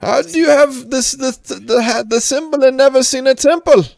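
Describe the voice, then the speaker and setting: A man's voice: very high-pitched, normal speed, gravelly, no room sound, clean studio sound. A man voicing a forgetful, jittery old woman who keeps a temple, stammering and repeating herself. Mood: doddering.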